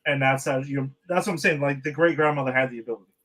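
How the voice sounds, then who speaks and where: A man's voice: medium pitch, quick pace, crowd noise, low-quality recording. A man co-hosting a podcast, casually recapping TV episodes and retelling scenes in a rambling way. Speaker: podcast co-host.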